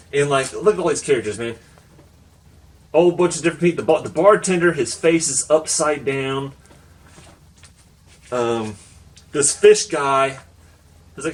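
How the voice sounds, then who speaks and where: A man's voice: on the high side, moderate pace, distant mic. A man giving a casual comic book review, talking loosely with lots of fillers and laughing along as he retells the story. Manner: loose and chatty, many fillers.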